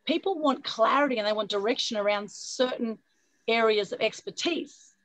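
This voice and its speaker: A woman with a husky voice hosting an online meetup, energetic and coaxing, often adding "right?" over a video call. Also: on the high side, normal speed, dry recording, poor audio. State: husky from a recent flu. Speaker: meetup host. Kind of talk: upbeat motivational talk on a video call.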